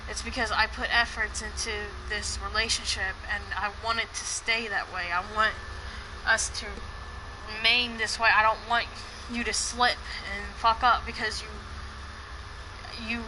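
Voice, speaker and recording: A woman's voice: on the high side, flat delivery, measured pace, background noise. A woman in a heated personal argument on a call, talking in an upset, repetitive way and swearing.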